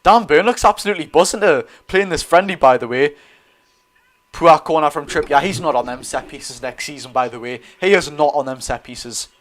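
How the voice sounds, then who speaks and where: A young man with a Geordie accent hosting a live football watch-along, chatty and excitable, reading viewer comments aloud. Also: fairly high pitch, normal speed. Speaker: streamer and host.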